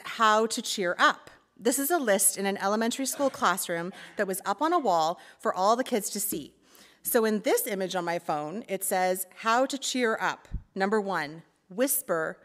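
A woman's voice: medium pitch, a bit bright. A woman community life pastor giving a reflective sermon talk in church, playful and laughing at times, then earnest.

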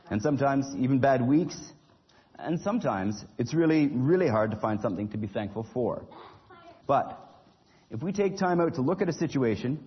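A man's voice: medium pitch, breathy edge, muffled recording. A man leading a children's church lesson, reading a storybook aloud expressively and encouraging the kids.

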